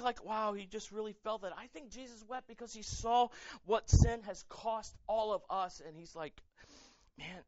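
A man's voice: sits high, moderate pace, dry recording, lo-fi sound. A male pastor preaching a sermon with passion, often repeating and restarting words, emotionally raw. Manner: impassioned, repeats words and restarts, rising to near-shouting.

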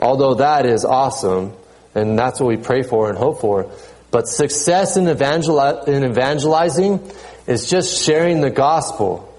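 A man preaching a sermon in a relaxed, conversational way, often repeating words and pausing on fillers. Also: mid-range voice, rough recording. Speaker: pastor.

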